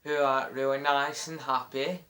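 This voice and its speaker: A man's voice: mid-range voice, flat delivery, measured pace, sharp tone. A man chatting casually, hesitant and searching for words as he goes. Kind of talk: casual chat.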